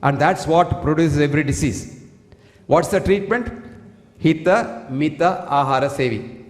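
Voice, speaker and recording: A man's voice: fairly high pitch, unhurried. A man with an Indian English accent giving an emphatic health lecture into a single fixed mic, reciting Sanskrit verses. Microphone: single fixed stand mic. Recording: echoey hall with long reverb.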